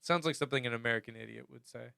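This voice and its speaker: A man's voice: mid-range voice, rapid-fire, vocal fry, sharp tone, clean tone, no echo. A man co-hosting a podcast in casual chat, joking and swearing as he reads out listener comments. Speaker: podcast co-host.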